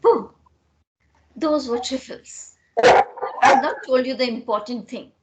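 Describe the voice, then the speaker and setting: A woman's voice: high-pitched, a little slow, very noisy. A woman with an Indian English accent reading the part of a playful, proud young wife in a teasing tone.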